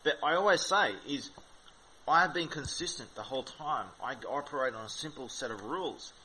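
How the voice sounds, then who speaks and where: A man's voice: mid-range voice, fairly quick, bright, forceful tone, a little hiss or hum, low-quality recording. A man as a guest in a casual chat, insisting on his point and defending himself. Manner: insistent, defensive, laughs at his own jokes.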